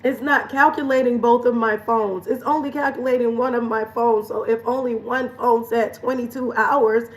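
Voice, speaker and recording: A woman lifestyle coach speaking in a candid confessional vlog, with a voice pitched a little high. She is emotional and earnest, repeats lines for emphasis and laughs between phrases. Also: fairly even intonation, normal speed, hardly any pauses, recorded from a distance, low-quality recording.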